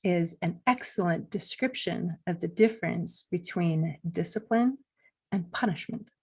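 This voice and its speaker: A woman hosting a podcast interview, summing up her guest's points in a measured, reflective way. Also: fairly low pitch, creaky, breathy edge. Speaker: podcast host.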